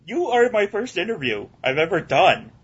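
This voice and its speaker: A man with a husky, rough-edged voice, chatting eagerly and giggling as he hosts a casual interview. The sound is dull and lo-fi. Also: high-pitched, very animated, normal speed. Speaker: podcast host. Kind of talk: casual chat. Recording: dull lo-fi recording.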